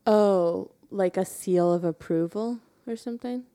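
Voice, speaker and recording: A woman's voice: medium pitch, unhurried, mellow. A woman co-hosting a podcast, chiming in casually with short suggestions. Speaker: podcast co-host. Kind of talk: casual conversational chat.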